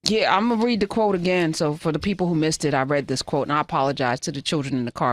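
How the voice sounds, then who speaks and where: A woman's voice: low voice, lively intonation, fast, few pauses, no echo. A woman hosting a talk radio show, delivering fiery, sarcastic, scolding commentary into a studio microphone.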